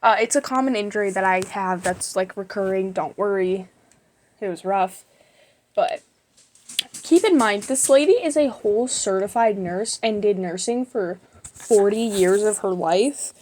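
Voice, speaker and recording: Animated young woman telling school stories. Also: medium pitch. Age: teens. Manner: animated, acts out people in her stories; quick, rambling with many fillers. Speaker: YouTuber. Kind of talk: casual storytelling.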